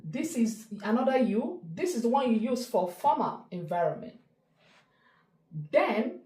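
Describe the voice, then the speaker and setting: A woman teaching a French lesson online as a tutor, explaining slowly and deliberately and spelling out word pairs. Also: on the high side, very animated, dark tone, reverberant.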